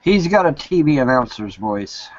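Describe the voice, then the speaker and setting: A middle-aged man talking in a halting, repetitive way during a casual voice chat. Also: medium pitch, sing-song, crowd noise. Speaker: chat participant. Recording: dry lo-fi chat audio.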